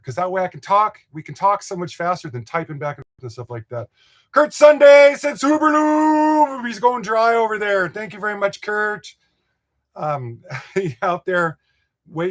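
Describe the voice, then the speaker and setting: A man's voice: a little high, a bit bright. An older man from Montana hosting a live model train stream, chatting in a rambling, folksy way and chuckling as he reads viewer comments. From Montana, USA.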